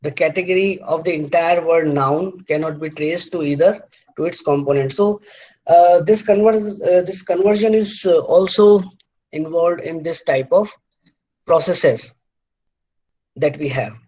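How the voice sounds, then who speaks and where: A middle-aged man lecturing on word formation, halting often with fillers and restarts and repeating words aloud to show their stress. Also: on the high side, darkish tone, low-quality recording. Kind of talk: university lecture.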